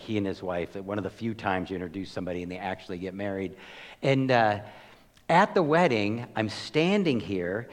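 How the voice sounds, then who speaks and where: A middle-aged male pastor giving a conversational sermon, telling stories with lots of fillers and laughs and animated shifts between loud and hushed. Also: medium pitch, long reverb tail.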